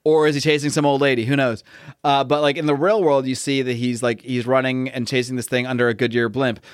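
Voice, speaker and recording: Smooth-voiced man chatting casually. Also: medium pitch, little pitch movement, fast talker, no room sound, clean studio sound. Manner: rambling, many fillers and restarts, reads out dialogue. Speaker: podcast co-host discussing comics. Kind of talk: casual chat recapping a comic.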